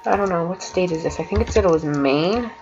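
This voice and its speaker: A woman giving let's play commentary, excitable and quick to exclaim. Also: on the low side, muffled recording. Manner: exclaims often, giggly and excitable. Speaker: gamer playing an adventure map.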